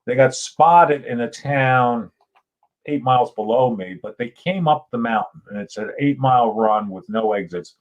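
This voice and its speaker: A middle-aged man telling a lively story as a guest on a podcast, acting out voices and shouting now and then. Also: mid-range voice, moderate pace, lo-fi sound. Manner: animated yarn-spinner, acts out Southern voices with shouts. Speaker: author and guest.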